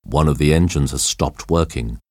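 A man voicing a calm, stern male airline captain in an audiobook story, giving firm orders. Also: a bass voice, moderate pace, dry recording, clean studio sound, pitched below the performer's own voice. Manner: firm, commanding.

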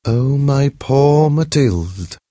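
A man reading a story aloud, voicing an elegant, wealthy woman in a high falsetto as she reacts with surprise and pity. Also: huge pitch swings, takes it slowly, a little mellow, husky, dry recording, studio quality, full character voice.

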